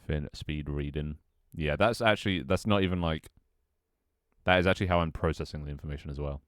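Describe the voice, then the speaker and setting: Very deep-voiced man streaming gameplay. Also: fairly quick, fairly bright tone, no echo, clean studio sound. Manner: rambling, swears freely, reacts to chat. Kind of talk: casual gameplay livestream commentary.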